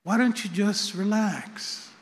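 A man voicing the Holy Spirit as a calm, patient guide who coaches him with gentle questions, in a sermon. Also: sits high, slow pace, long reverb tail. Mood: coaxing.

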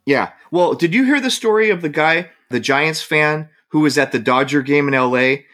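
With a fairly high pitch and a moderate pace, a San Francisco Bay Area man tells a story as a guest in casual chat. He's animated and laughs as he reenacts what people said.

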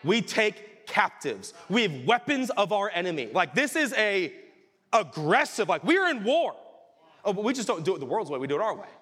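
A male pastor preaching a sermon with animated delivery that rises to shouts. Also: sits high, moderate pace. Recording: reverberant hall.

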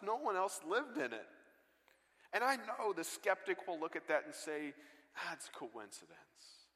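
A man preaching a sermon and telling stories with earnest swings between loud bursts and hushed lines, on a stage mic in a large church. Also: fairly high pitch. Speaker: guest pastor. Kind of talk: sermon storytelling. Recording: long hall reverb.

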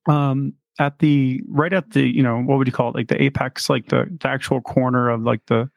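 A man's voice: medium pitch, fairly even intonation, brisk, creaky, no room sound. A man from Chicago co-hosting a podcast, chatting casually and rambling with lots of fillers and laughs. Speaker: podcast co-host. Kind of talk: casual chat.

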